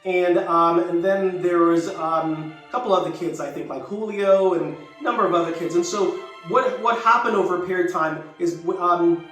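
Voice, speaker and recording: A man's voice: high-pitched, normal speed, hardly any pauses, a bit bright. A man in his sixties, raised in Jamaica and now speaking with an American accent, telling a personal story in a thoughtful, conversational way that circles back to rephrase. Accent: American, Jamaican trace lost. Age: 60s. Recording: very echoey, distant mic, faint music.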